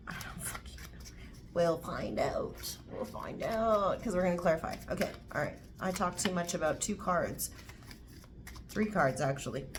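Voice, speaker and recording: A woman's voice: lowish voice, background noise. A woman giving a casual tarot reading to camera, blunt and repetitive, swearing freely as she talks. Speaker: tarot reader.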